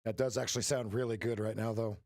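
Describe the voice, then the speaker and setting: A man's voice: fairly low pitch, steady tone, fast, a little mellow, dry recording, clean studio sound. A man hosting a live trading stream, chatting casually and joking with viewers, laughing often.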